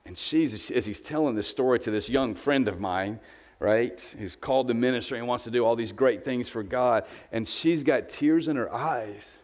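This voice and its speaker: A man's voice: mid-range voice, normal speed. A man in his fifties preaching a sermon, telling a story in a snarky, conversational way and acting out the voices of the people in it. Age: 50s. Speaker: pastor.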